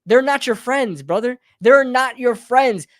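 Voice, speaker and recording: A man's voice: very high voice, lively intonation, unhurried, a bit bright, no echo, studio quality. A man hosting a live sports talk stream, ranting heatedly and often calling listeners bro and brother. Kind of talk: live fan rant.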